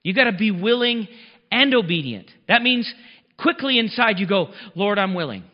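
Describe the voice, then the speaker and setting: Male pastor, high voice, chatty emphatic preaching style; long hall reverb. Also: lively intonation, normal speed. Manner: conversational, emphatic preaching, laughs at own lines. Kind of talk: sermon. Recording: long reverb, dull muffled sound.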